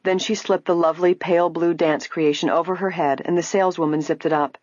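A woman narrating a story in a steady storytelling manner, in a slightly muffled recording. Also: on the low side, fairly quick, no room sound. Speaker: audiobook narrator. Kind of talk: scripted narration.

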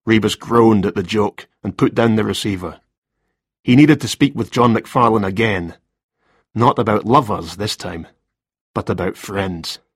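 Audiobook narrator, male, measured, low husky voice, dry close mic. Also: no room sound. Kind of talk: scripted narration of a crime novel.

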